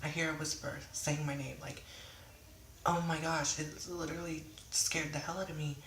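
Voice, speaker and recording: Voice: mid-range voice, level tone, moderate pace, fairly bright tone, a little hiss or hum. A young adult in their twenties telling a storytime vlog in a rambling, casual way, often swearing and then apologizing. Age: 20s. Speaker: vlogger. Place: indoors at home. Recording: echoey room.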